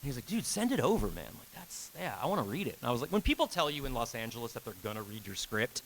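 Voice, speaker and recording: A man in his thirties tells a long personal story to a live panel audience, and his voice stays bright and forward throughout. He acts out each quoted line with sudden leaps in pitch and laughs as he talks. A faint hiss sits under the recording. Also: big pitch swings, very fast, low-quality recording. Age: 30s. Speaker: game director on a convention panel. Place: convention panel room.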